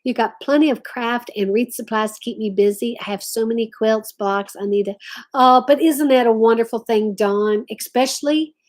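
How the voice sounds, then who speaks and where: A woman's voice: fairly high pitch, moderate pace, a little mellow. Chatty woman on a livestream. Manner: chatty, reads viewer comments aloud. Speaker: livestream host. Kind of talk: casual livestream chat.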